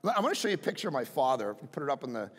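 A middle-aged man preaching a sermon as pastor, often breaking into shouts. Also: mid-range voice, sing-song, very fast, long reverb tail, soft background music.

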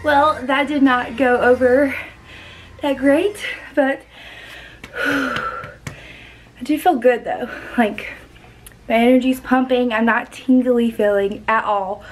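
A woman's voice: on the high side, steady tone, slow, pauses often, soft background music. Chatty young woman vlogging at home. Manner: chatty, loose, full of "like" and "um". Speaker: lifestyle vlogger reviewing a supplement. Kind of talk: casual chat to camera.

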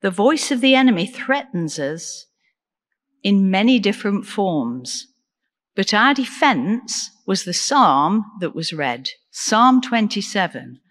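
A woman preaches a sermon at an unhurried pace, earnest and measured, often turning to questions for her listeners. Her voice carries a long reverb from the church around her. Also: medium pitch, very animated, fairly bright tone. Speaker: deacon preaching.

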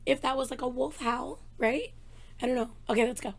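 Hoarse, chatty woman vlogger. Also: sits high, a little fast, music in the background. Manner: chatty, excited, many fillers. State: hoarse, losing her voice. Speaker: reaction channel host. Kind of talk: casual chat to camera. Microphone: desk microphone.

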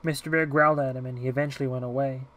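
A man voicing a timid eight-year-old girl who talks softly and quietly in an audiobook reading. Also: medium pitch, fairly even intonation, racing, close to an everyday voice. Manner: soft and hushed.

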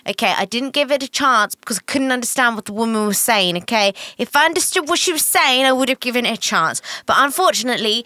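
Young woman, bright voice, dry close sound, chatty podcast co-host. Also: a little high, expressive, dry recording. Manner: chatty, self-mocking, quick asides. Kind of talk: casual chat.

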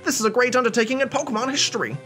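A man voicing an old, grandfatherly male professor in a video game, with a raised, reedy pitch and an earnest, quick lecturing delivery. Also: pushed and bright.

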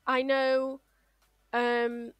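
A woman streams a game in a playful, chatty way, coaxing the creatures on screen. Her voice sits a little high and she talks at an unhurried pace. The mic is close and dry, with faint music underneath. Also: completely flat delivery, clear, resonant tone, no room sound. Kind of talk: casual gameplay streaming.

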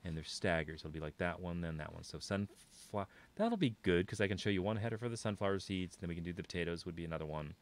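Low-voiced man rambling over gameplay. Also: quick pace, hardly any pauses. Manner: rambling, thinking aloud to viewers. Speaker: game streamer. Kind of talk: casual gameplay commentary.

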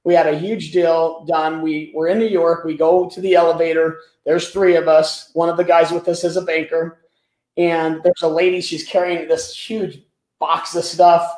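An animated man tells business stories in a fairly high voice, often repeating words as he goes. The sound echoes as if in a bare room, and he comes across as a guest answering an interviewer. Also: normal speed.

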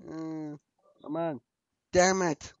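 A man's voice: a little high, fairly even intonation, extremely slow, muffled recording. A man playing a game and commenting on it, frustrated and swearing at enemies, recorded on a laptop mic. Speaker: gamer. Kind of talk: gameplay commentary.

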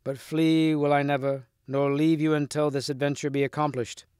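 A man voicing a brave, courteous young knight who speaks gently and firmly. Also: a little high, level tone, moderate pace, clear, resonant tone, no echo, clean studio sound, close to an everyday voice. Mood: steadfast. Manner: gentle, steadfast.

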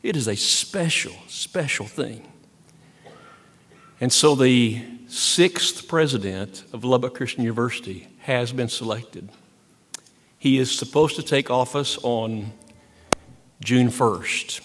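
A man's voice: mid-range voice, slow, a bit bright, breathy edge. An older man, a university president, giving an earnest, emphatic ceremonial speech at a podium and repeating key words for weight. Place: large hall. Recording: long hall reverb.

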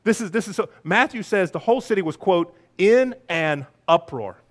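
A man preaching a lively, playful sermon as pastor, breaking into shouts and silly voices. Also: high voice, fast.

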